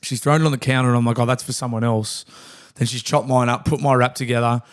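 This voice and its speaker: Laddish young Australian podcast co-host, casual storyteller, drops constant expletives. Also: male voice, mid-range voice, steady tone, fast talker, clean tone. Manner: laddish, swears a lot, acts out quoted lines.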